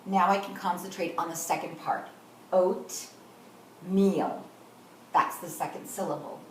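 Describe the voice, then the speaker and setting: A woman in middle age teaching kindergarteners at a whiteboard, slowly and deliberately modeling words and sounds. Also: mid-range voice, a little hiss or hum. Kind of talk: teaching a class. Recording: echoey room, far from the mic.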